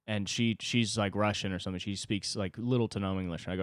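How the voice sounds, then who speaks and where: A man's voice: on the low side, brisk, dry recording, clean studio sound. A young man hosting a solo podcast, telling a frustrated, profanity-laced story and reflecting on his own anger. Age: young adult. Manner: ranting, profane, self-reflective. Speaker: podcast host. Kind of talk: solo confessional monologue.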